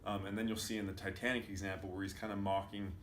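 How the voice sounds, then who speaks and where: A man's voice: on the low side, flat delivery, fast talker, a bit bright. A man giving a loose, casual commentary full of fillers as he explains clips. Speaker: video commentator. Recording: roomy with faint noise.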